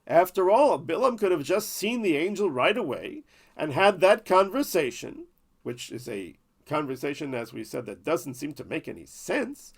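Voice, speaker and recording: A man's voice: a little high, sing-song, moderate pace, gravelly, breathy edge. A man telling a Bible story as a lesson, with playful, jokey asides. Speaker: Torah teacher.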